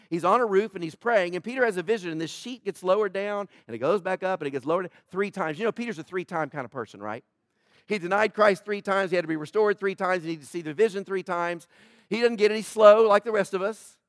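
A male pastor preaching with a lot of humor and animation, acting out the voices from the stories he tells. His voice sits high for a man. The sound is dry and close, with little room echo. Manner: animated, joking, acts out quoted voices. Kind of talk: sermon.

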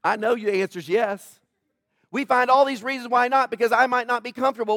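A man's voice: very high voice, steady tone, a little fast, fairly bright tone, dry recording, studio quality. A man preaching a sermon as pastor, talking conversationally to the congregation with jokes, asides and frequent checks like "right?".

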